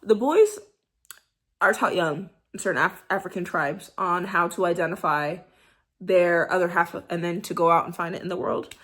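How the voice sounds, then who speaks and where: A young woman talking in a candid, slangy vlog monologue, animated and sometimes dropping into soft breathy whispers. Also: on the low side, moderate pace. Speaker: vlogger.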